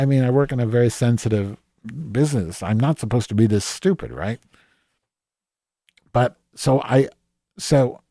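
A man's voice: on the low side, creaky, warm tone, breathy edge, dry recording, clean studio sound, exaggerated voice. A man playing cranky rambling Madge. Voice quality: rambling, swearing, self-deprecating, many restarts. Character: cranky self-mocking office worker Madge, foul-mouthed. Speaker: podcast host in character. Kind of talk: improvised comedic monologue.

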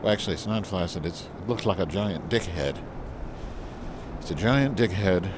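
A man's voice: sits low, normal speed, noisy background. A man rambling and joking crudely to his recorder outdoors, repeating silly phrases while testing a new windscreen. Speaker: vlogger. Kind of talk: rambling outdoor vlog, mic test. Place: outdoors with wind. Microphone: handheld recorder with windscreen.

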